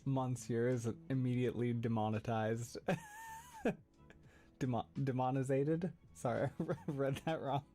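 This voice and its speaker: Speaking slowly in a dark tone, this man's medium-pitched voice swoops wildly in pitch while soft music plays in the background. He's a streamer rambling casually on his livestream, laughing a lot and stumbling through fillers and restarts on a close mic.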